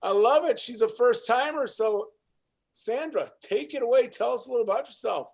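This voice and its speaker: A man's voice: extremely high pitch, normal speed, gravelly, darkish tone. A man hosting a poetry open mic on a video call, enthusiastic and encouraging, repeating himself as he speaks. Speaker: host.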